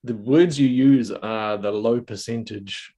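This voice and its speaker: A man's voice: fairly low pitch, slow pace, dark tone. A man hosting a casual group video call, talking thoughtfully with many fillers and restarts. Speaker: host. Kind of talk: casual panel discussion.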